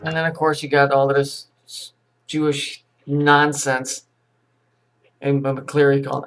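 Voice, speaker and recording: A man's voice: medium pitch, monotone, a little slow, fairly bright tone, clean tone. A man giving a profane, sarcastic running commentary as he reacts to news clips, mocking and cursing as he goes.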